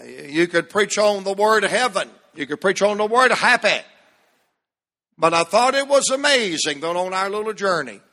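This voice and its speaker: A man preaching a sermon, leading the congregation in call-and-response with drawn-out emphatic phrases. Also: sits high, pushed and bright, in a large hall. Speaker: pastor.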